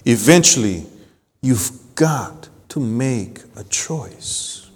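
Slow, emphatic preacher in a reverberant hall. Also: male voice, mid-range voice, lively intonation. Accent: non-native English accent. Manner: emphatic preacher, slow deliberate phrasing with sudden rises. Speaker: pastor. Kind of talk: sermon.

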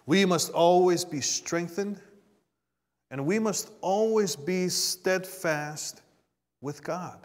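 A man delivers a sermon at a slow, deliberate pace, drawing out his words. His voice sits a little high for a man and alternates between hushed asides and forceful, emphatic climbs. He calls out to the congregation for responses, and a long reverb trails each phrase as it rings through a church sanctuary. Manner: dynamic preaching, swinging from quiet asides to emphatic rises. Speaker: preacher.

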